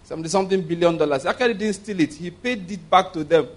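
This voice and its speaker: A man's voice: sits high, fast. A man preaching a sermon in a conversational way, asking the congregation rhetorical questions and leading call-and-response.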